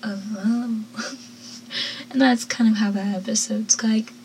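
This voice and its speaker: A woman's voice: a little high, steady tone, slow pace, a little mellow, a little hiss or hum. A teenage girl recapping a TV episode in casual commentary, giggly and chatty with lots of "like" fillers.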